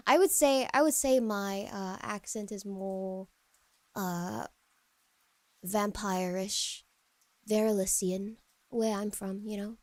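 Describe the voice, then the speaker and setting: A woman casually chatting to viewers on a live stream, wandering and hesitant with lots of fillers and restarts, often trailing into soft, low murmurs. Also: takes it slowly, long pauses, dry recording.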